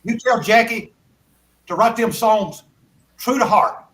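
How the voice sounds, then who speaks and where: Man doing a stern old bluegrass man, solemn, drawling, emphatic, a touch higher. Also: slow, a bit bright, distant mic.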